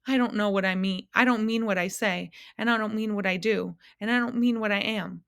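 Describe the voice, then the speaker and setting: A woman's voice: medium pitch, steady tone, a little fast, vocal fry, a bit bright, clear, resonant tone, no room sound, voice pushed up. Brief: tiny furry demon, whiny and sobbing, dry sound, voiced by a woman. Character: small furry whimpering male demon.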